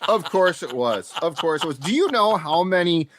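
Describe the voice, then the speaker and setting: A man hosting a casual sports talk show, telling stories in a relaxed, chatty way. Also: a little high, moderate pace, slight background noise. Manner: storytelling, animated when excited.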